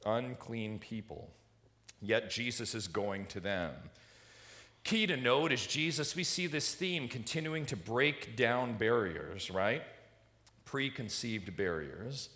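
A man's voice: mid-range voice, expressive, slow pace, sharp tone. A man preaching an expository sermon, stressing points and putting rhetorical questions to his congregation. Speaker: pastor.

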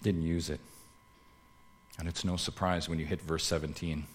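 A man preaching a sermon, swinging between loud emphatic lines and hushed low asides, and putting rhetorical questions straight to his listeners. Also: level tone, moderate pace, breathy edge. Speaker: pastor.

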